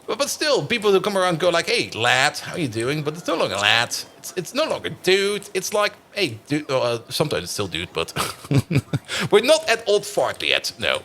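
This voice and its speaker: A man with a fairly high, bright, forward voice, talking through a live game stream. His pitch swings widely as he chats with viewers, and he laughs easily between remarks. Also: wildly swooping pitch, moderate pace, a little hiss or hum. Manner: chatty, laughs often, greets chat.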